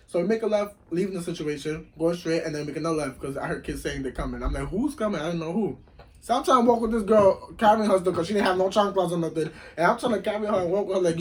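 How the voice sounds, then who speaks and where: A man casually telling a lively story while eating, acting out the voices of the people in it. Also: high-pitched. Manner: animated, acts out voices in quotes. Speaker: vlogger.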